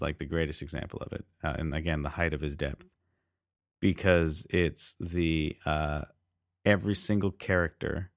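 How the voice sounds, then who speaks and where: A man with a very low voice chats about films on a podcast. He talks in loose, wandering sentences full of fillers and restarts. The sound is close and dry. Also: fairly bright tone, no echo. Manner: rambling, hesitant with many fillers. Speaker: podcast co-host. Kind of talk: casual film discussion.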